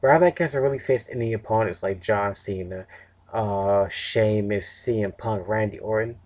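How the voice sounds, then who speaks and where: A man's voice: on the low side, moderate pace, darkish tone. A tired young man casually reviewing a wrestling show on his own, rambling with fillers and self-corrections. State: tired, yawning.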